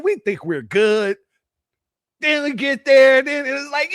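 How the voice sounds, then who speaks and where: A man's voice: very high-pitched, animated, measured pace, fairly bright tone, no room sound, studio quality. A man from California giving casual commentary, laughing often and repeating himself. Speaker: commentary channel host.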